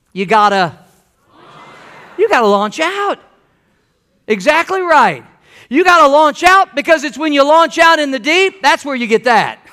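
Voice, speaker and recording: Pastor preaching, real high bright voice, folksy and punchy, keeps repeating himself. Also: male voice. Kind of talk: sermon. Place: church sanctuary.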